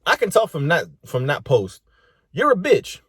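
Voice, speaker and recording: A young man with a London accent, his slightly high voice leaping up and down as he rants. He talks in profane street slang, working a comedic bit from inside a car. The sound is dry and close, with no room around it. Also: huge pitch swings, moderate pace, fairly bright tone, husky, no echo. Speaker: vlogger. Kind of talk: comedic rant.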